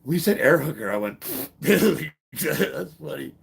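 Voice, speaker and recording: Gravelly and husky, with a mid-range voice at normal speed, this middle-aged man is a strength athlete who streams fitness content. On a laid-back livestream he chats with viewers and tells lively stories full of jokes and swearing.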